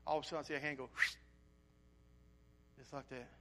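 Animated preacher man, fairly high voice. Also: brisk, very noisy. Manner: animated storytelling with acted-out asides; emotional, earnest. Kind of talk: sermon with a personal story.

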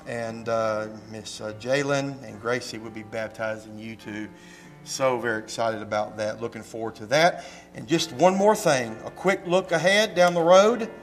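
A man, a pastor giving church announcements and telling a story in a folksy, animated way with emphatic rises, fighting a slight cough. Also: medium pitch, moderate pace, soft background music. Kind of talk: church announcements and sermon talk. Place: church sanctuary.

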